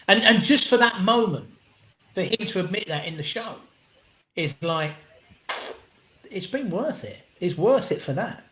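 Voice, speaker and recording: A man, a comedian guest telling animated, sweary stories in an interview and acting out what people said. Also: high voice, measured pace, pauses often, slight background noise. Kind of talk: storytelling interview chat. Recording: roomy echo.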